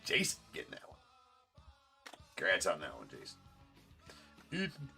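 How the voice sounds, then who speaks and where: A man's voice: low-pitched, wildly swooping pitch, normal speed, gravelly, sharp tone, faint music behind. A man hosting a live card break stream, chatting casually and joking as he opens packs, with the odd swear.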